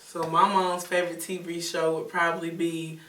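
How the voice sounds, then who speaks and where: A woman chatting casually on a panel, animated and joking as she talks about family. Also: on the low side, normal speed. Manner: animated, joking, laughs often. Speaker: co-host. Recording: echoey room, mic at a distance.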